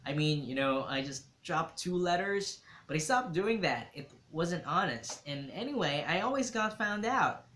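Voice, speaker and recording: A man reading a novel aloud, voicing an earnest, funny teenage boy who sounds a little hoarse and talks openly and sincerely. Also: a little high, big pitch swings, a little slow, pushed and bright, pitched above the performer's own voice, exaggerated voice. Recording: roomy echo.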